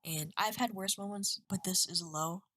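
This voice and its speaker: A woman's voice: medium pitch, normal speed, a bit bright, poor audio. A woman in her twenties talking candidly into a webcam at home, rambling and emotional in a confessional vlog. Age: 20s. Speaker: vlogger.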